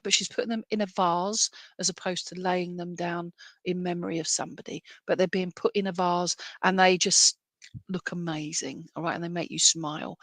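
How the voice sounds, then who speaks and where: A woman's voice: lowish voice, a bit bright, no room sound. Woman, medium reading, rambling reassuring chat, dry close sound. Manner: chatty and rambling, with self-deprecating asides; reassuring, often checks in with "all right?". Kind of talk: clairvoyant reading at an online church service.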